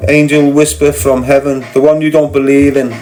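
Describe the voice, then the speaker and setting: A man's voice: fairly high pitch, flat delivery, normal speed, dark tone, a little hiss or hum, low-quality recording. A man with a Scouse accent delivering a confrontational, mocking rant as a podcast guest. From Liverpool, England. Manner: confrontational, mocking, blunt and sweary. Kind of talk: ranting monologue.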